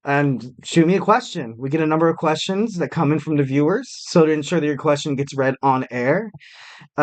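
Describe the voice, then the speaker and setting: A man hosts a wrestling podcast in a loose, chatty way. His voice sits a bit high for a man. He rambles with fillers and restarts and pokes fun at himself. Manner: chatty, many fillers and restarts, jokey self-mockery. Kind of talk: casual podcast commentary.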